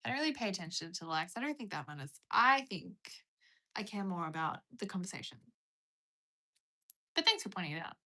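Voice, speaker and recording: Bright-voiced rural Australian woman livestreaming. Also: medium pitch. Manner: chatty, rambling, drops to whispers. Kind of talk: casual live-stream chat reading comments.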